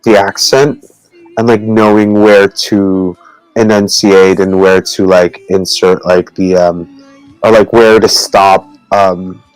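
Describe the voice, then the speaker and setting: A man talking slowly on a video call, stopping and restarting with lots of fillers as he explains words. He laughs often between phrases, and his voice sits dry and close with no room around it. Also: deep voice, level tone, dry recording, soft background music, rough recording. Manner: halting, rambling, many fillers and restarts. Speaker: co-host teaching Tagalog words. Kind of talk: casual chat on a video call.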